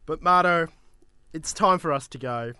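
A man's voice: a little high, normal speed, pushed and bright, smooth, no room sound. A man co-hosting a breakfast radio show, chatty and teasing. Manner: chatty, teasing, sign-off patter. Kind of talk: radio banter. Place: radio studio. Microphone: studio mic.

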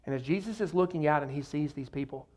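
Man, pastor, sermon, high-pitched voice, animated, conversational asides. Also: fast talker. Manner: animated preaching, acts out quoted voices, colloquial asides.

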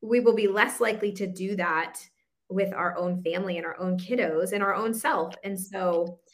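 A woman's voice: mid-range voice, moderate pace. A woman hosting a Christian podcast, speaking in an affirming, encouraging way about faith and emotions. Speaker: podcast host and Christian coach. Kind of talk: casual faith-based conversation.

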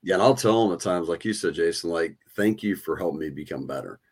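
A man's voice: sits low, lively intonation, fast talker, breathy edge. A man hosting a podcast, telling earnest stories about his kids and youth sports in a casual way. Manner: earnest, storytelling. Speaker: podcast host. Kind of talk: casual conversation.

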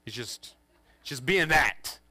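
A man in his forties, a pastor telling a funny family story to his congregation in an animated, joking way. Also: mid-range voice, slow, no room sound. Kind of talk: storytelling sermon. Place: church in front of a congregation.

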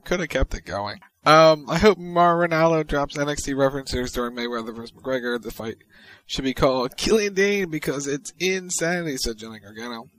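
A man's voice: medium pitch, a bit bright, poor audio. A man co-hosting a podcast, casually reading social media posts aloud. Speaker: podcast co-host.

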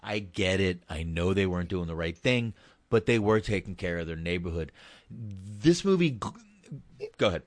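Low-voiced man telling rambling stories. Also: expressive, normal speed, no echo. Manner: profane, rambling storytelling. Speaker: podcast host. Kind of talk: casual chat about a film.

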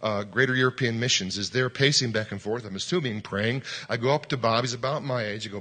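Bright-voiced man telling a sermon story. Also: fairly low pitch, fairly quick, breathy edge. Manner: animated storyteller, acts out dialogue, shouts commands. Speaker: pastor.

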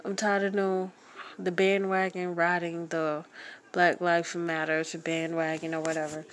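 Young woman with a cold, podcast host; slow, rambling, profane delivery. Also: lowish voice, flat delivery. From Florida. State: has a cold. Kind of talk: casual ranting monologue.

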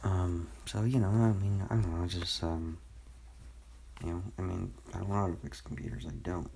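Deep-voiced young man hosting a podcast from home, talking in a loose, rambling way with heavy swearing and constant filler words. His delivery is casual and unpolished, with no script behind it. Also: fairly even intonation, moderate pace, gravelly, warm tone, slight background noise. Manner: rambling, profane, full of fillers. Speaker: podcast host. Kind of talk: casual solo rant.

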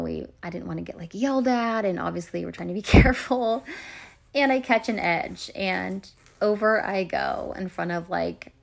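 Speaking on the low side with noticeable vocal fry, a podcast host and coach in her thirties keeps things casual. She tells stories chattily, pokes fun at herself, and fills her speech with fillers.

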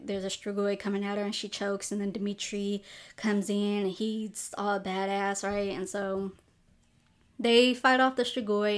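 Chatty young woman reviewing a movie. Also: mid-range voice. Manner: chatty, rambling, lots of "like" fillers. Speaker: podcast host. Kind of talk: casual film review commentary.

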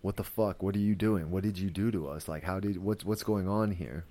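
A man's voice: low-pitched, a little fast, dark tone, a little hiss or hum. A man hosting a podcast, recapping a series in a loose, rambling way, full of "like" and "you know" and frequent swearing. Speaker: podcast host reviewing a series. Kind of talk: casual spoken recap.

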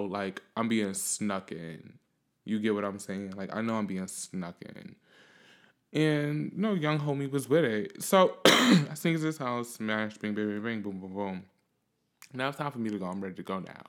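Young male podcast host, lower-pitched, casual and foul-mouthed, rambling and animated. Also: normal speed. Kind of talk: casual storytelling.

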